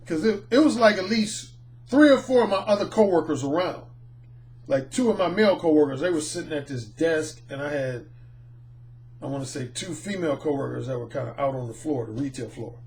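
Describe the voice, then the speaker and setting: A middle-aged man, a dating coach, telling a personal anecdote in an animated, storytelling way. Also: on the high side, fairly quick. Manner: animated, acts out the people in his anecdotes. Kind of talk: storytelling monologue.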